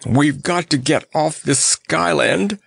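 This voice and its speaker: A man voicing the Cowardly Lion, gruff and blustering. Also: on the high side, takes it slowly, no echo, pitched above the performer's own voice. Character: blustering, cowardly male lion, easily angered.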